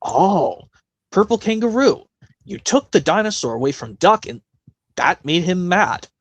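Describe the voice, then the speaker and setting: A man imitating a patient, friendly male host of a children's show, talking slowly and gently. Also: high voice, big pitch swings, no room sound, heavily acted. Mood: gentle.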